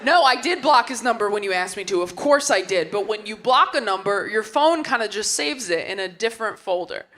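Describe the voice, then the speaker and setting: A woman's voice: medium pitch, animated, fairly quick, hardly any pauses. A young woman doing a stand-up comedy set on stage, wry and punchy, slipping into quoted voices. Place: comedy stage before a live audience. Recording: noisy live stage recording.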